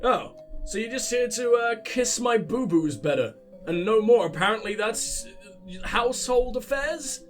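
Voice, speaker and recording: A man's voice: very high-pitched, expressive, unhurried, faint music behind. A man giving profane, sarcastic, rambling commentary while playing a video game. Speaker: let's play host. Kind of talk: gaming commentary.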